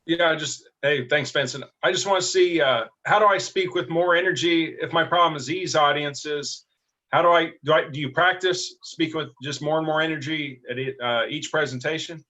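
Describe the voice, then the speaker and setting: A man's voice: a little high, moderate pace, sharp tone, poor audio. A man attending a webinar who asks a question hesitantly and restarts his words.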